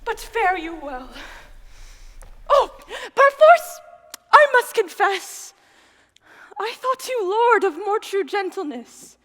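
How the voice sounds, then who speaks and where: An actress playing a desperate, lovesick young woman who pleads in a breathy, tearful stage voice. Her voice is very high and bright, and her pace is slow. A long hall reverb surrounds it. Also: big pitch swings, heavily acted. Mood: indignant. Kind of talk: Shakespeare stage acting.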